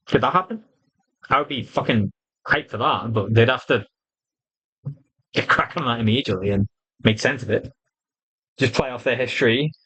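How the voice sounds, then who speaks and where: Male reviewer, mid-pitched, blunt and profane, animated retelling. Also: moderate pace, pauses often, breathy edge, low-quality recording. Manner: blunt, sweary, animated retelling with quoted voices. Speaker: wrestling reviewer. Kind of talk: casual opinionated review.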